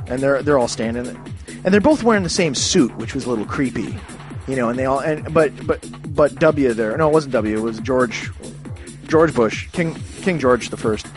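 A man's voice: medium pitch, expressive, moderate pace, over music. A man from Canada ranting in a rambling, profane way, with many restarts and sudden exclamations. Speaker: ranting commentator.

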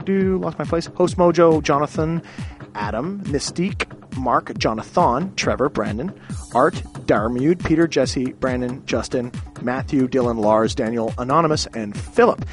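Rambling man telling a trip story. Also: mid-range voice. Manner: rambling and animated, swearing freely. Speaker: podcast host. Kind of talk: casual storytelling monologue. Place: hostel room.

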